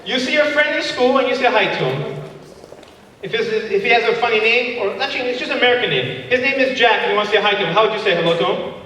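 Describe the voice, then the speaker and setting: A man in his thirties performs a stand-up set in a large hall before a live audience, working the crowd and acting out voices and sound effects. His voice sits high and comes across animated, fast, bright and forceful. The recording is echoey and taken from far off, with a slight hiss or hum.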